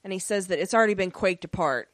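A woman co-hosting a podcast, chatting casually through an episode recap with lots of fillers and quick acted-out character lines. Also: mid-range voice, no echo, clean studio sound. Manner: rambling, many fillers, acts out character lines. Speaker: podcast co-host.

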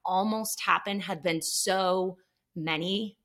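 Animated woman chatting on a podcast, bright sharp voice, acts out every quote. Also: lowish voice. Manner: animated storyteller, quick to act out quotes. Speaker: guest, actor. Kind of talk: casual podcast chat.

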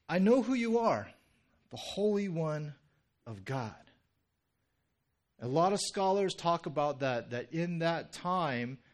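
Animated, chatty male pastor preaching. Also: medium pitch. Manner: conversational, animated, with many fillers and restarts. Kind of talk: sermon.

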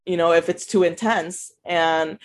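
A woman's voice: on the low side, fairly even intonation, measured pace. A woman co-hosting a casual podcast, talking loosely with many "like" fillers. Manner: chatty, fillers of "like", laughs often. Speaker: podcast co-host.

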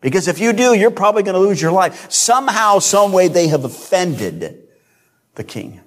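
A man's voice: high voice, big pitch swings, moderate pace. A man preaching a sermon, retelling a biblical story and acting out the voices of its people. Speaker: pastor.

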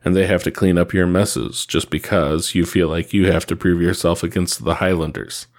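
A man's voice: low voice, fairly even intonation, normal speed. A man voicing a blunt, hard-edged young male swordsman in a read-aloud story, curt and defiant.

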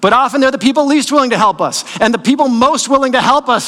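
A man's voice: very high voice, expressive, fast talker, pushed and bright, long reverb tail. A middle-aged man, the lead pastor, preaching a sermon in a conversational way, asking the congregation questions and answering them himself. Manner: conversational storytelling with fillers.

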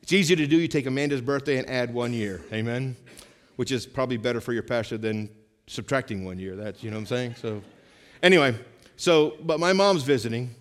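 A pastor in his forties preaching a sermon in church, swinging between loud, emphatic lines and hushed, slower ones. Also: medium pitch.

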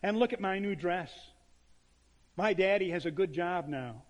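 A man's voice: high-pitched, animated, unhurried. A man voicing a little girl who earnestly defends her father, his own voice only lightly shaded, in a long church reverb. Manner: earnest, plain-spoken.

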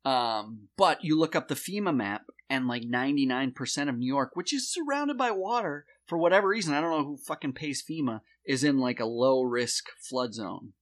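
A man's voice: mid-range voice, expressive, moderate pace, few pauses. Sarcastic, profane male co-host in casual chat.

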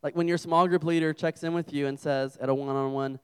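A man's voice: mid-range voice, little pitch movement, fairly quick, hardly any pauses, clear, resonant tone. A young adult man preaching a humorous sermon to a campus group, telling self-deprecating stories as a father. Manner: joking, self-deprecating storyteller.

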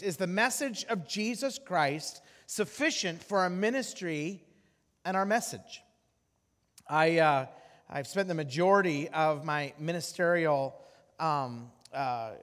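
A man preaching as a guest speaker, telling a story with animated acted-out voices and frequent restarts. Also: high-pitched. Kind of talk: sermon storytelling. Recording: long hall reverb.

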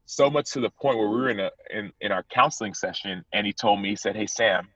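A man's voice: on the low side, quick pace, fairly bright tone, no echo. A man in his thirties, a football player guest on a podcast, telling his story earnestly and acting out old conversations. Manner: earnest, retells dialogue with rising voice. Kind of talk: candid interview storytelling. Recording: dull, dry, lo-fi sound.

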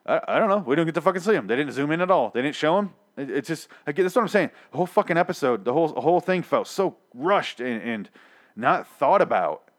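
A man's voice: a little high, lively intonation, fast. A young man giving a profane, exasperated, sarcastic recap of a TV episode, stumbling and restarting often. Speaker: TV episode reviewer. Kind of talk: ranting casual recap.

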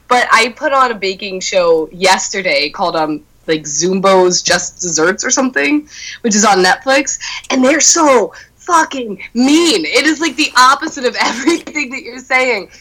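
Young woman in casual chat, bright voice, acts out stories as she talks. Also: a little high, moderate pace, low-quality recording. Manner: animated storyteller acting out quotes.

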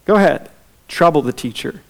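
A man preaching an expository sermon, earnest, slowing down and softening as he reads scripture aloud. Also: on the high side, animated, gravelly. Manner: earnest, slows down and softens when reading scripture. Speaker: pastor.

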